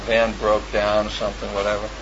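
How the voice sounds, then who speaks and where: With crowd noise behind him, a man speaks fairly quickly in a lowish monotone while recounting his past. The storytelling is loose and casual, with frequent chuckles, fillers, and restarts, captured in lo-fi audio with clear ambience.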